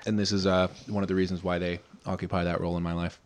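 A man co-hosting a podcast in casual chat, excitable and profane, laughing often and jumping up in pitch when worked up. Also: quick pace. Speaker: podcast co-host.

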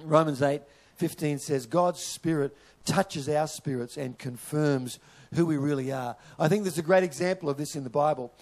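A man preaching a sermon in a church, animated, repeating words and drawing in the audience. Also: fairly high pitch, normal speed. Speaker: pastor.

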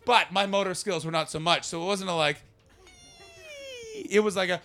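Bright-voiced animated male comedian. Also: high voice, moderate pace, long pauses. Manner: animated, bursts into loud impressions. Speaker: comedian and podcast host. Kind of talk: comic storytelling.

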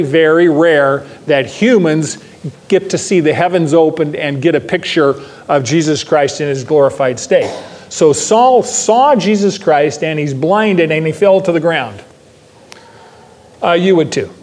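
A man's voice: a little high, measured pace, darkish tone, big-room sound. An older man preaching to a Bible class, emphatic, repeating key phrases and putting questions to his listeners. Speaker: pastor teaching a Bible class. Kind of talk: sermon.

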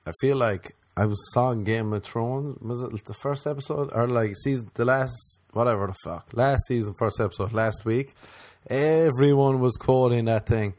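A man's voice: mid-range voice, moderate pace, darkish tone, no room sound. A man doing a profane stand-up rant, mocking and slipping into exaggerated voices. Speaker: comedian.

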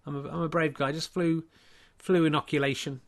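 Self-mocking middle-aged podcast host. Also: male voice, fairly high pitch, level tone, brisk, gravelly. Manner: rambling, self-mocking, many restarts. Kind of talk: comic solo podcast.

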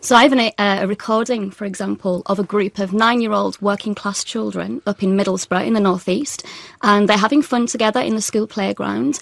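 A woman guest on a radio interview, explaining language in a measured way. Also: medium pitch, fairly even intonation, creaky, dry recording. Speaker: linguist guest.

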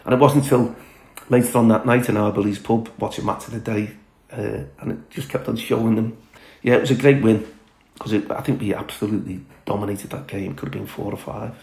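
Gravelly low-voiced blunt man. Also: fairly even intonation, fairly quick, darkish tone, echoey room, low-quality recording. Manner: blunt, candid, chatty with many fillers and laughs. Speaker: former footballer, podcast guest. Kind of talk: casual storytelling chat.

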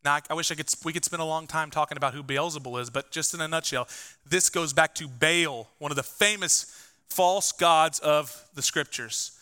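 A man preaching a sermon as pastor, emphatic, rising to loud bursts and dropping low, with conversational asides. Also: moderate pace, clean tone.

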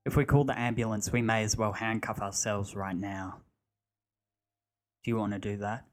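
A man reading a storybook figure: a ruthless adult male thug who talks flatly, with no emotion. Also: fairly low pitch, moderate pace, faint music behind, natural voice. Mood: quiet menace. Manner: flat, emotionless, matter-of-fact.

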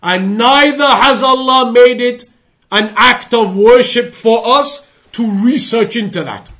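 A man's voice: very high-pitched, takes it slowly, a bit bright. A man teaching an Islamic creed lesson, emphatic and repetitive, full of rhetorical questions.

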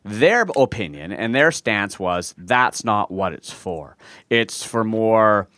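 A man's voice: lowish voice, animated, takes it slowly, bright, forceful tone, no room sound, clean studio sound. A man hosting a podcast who speaks hesitantly, with many fillers and restarts, as he asks his guest questions. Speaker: podcast host. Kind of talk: casual interview chat.

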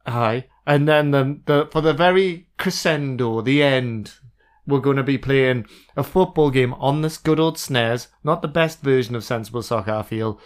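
A man's voice: medium pitch, moderate pace. Rambling man with crude humor. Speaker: podcast co-host. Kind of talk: casual gaming chat.

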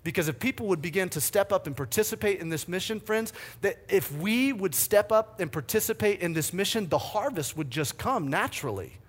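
A man in his thirties preaching a sermon, energetic and fired up, telling stories with big swings in his voice. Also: high-pitched, a little fast, few pauses. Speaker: pastor.

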